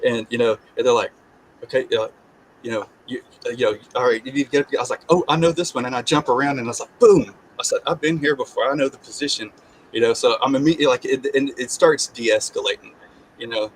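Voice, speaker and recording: A man's voice: medium pitch, slight background noise, poor audio. A man, a guest sharing his testimony, tells a personal story in casual conversation, acting out the voices he quotes. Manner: animated, acts out quoted voices, repeats and restarts.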